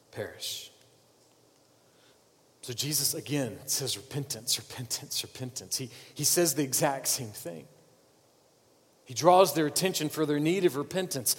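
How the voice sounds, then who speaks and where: A man preaching a sermon as a pastor, swinging from loud urging to hushed pleading and repeating words for weight. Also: mid-range voice, long reverb tail.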